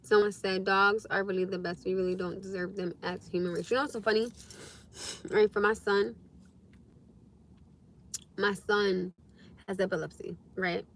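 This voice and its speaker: A young woman hosting a casual livestream, telling stories to her viewers in a lively, expressive way with frequent laughs. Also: medium pitch, normal speed, pauses often. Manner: animated storytelling, laughs often, acts out her own past speech. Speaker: livestream host.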